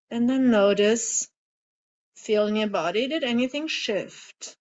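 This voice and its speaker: A woman coaching a group through emotional tapping, guiding gently and voicing example feelings aloud. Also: on the high side. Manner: slow, soothing guidance with emotive example lines. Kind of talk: guided group coaching session. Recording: slightly dull lo-fi call audio.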